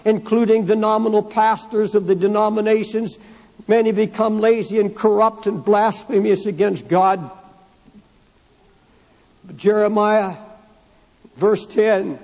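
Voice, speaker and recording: Male pastor, sermon delivery, husky and urgent, repeats lines for emphasis, church hall echo. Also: high voice, a little mellow. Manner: fervent preaching, repeating phrases for emphasis; reads scripture aloud and addresses the congregation directly. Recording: long hall reverb in a church.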